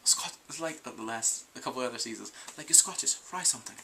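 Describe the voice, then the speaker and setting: A man's voice: mid-range voice, fast, creaky, background noise. A young man reviewing a TV episode in a casual, rambling way. He goes off on tangents and acts out scenes in quoted voices. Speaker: video reviewer.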